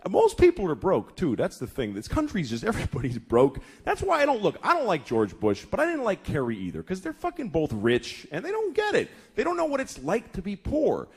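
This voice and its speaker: A middle-aged stand-up comedian with a high, husky voice performs a profane, exasperated routine, acting out the voices of people he quotes. He's at a comedy venue, with the audience laughing.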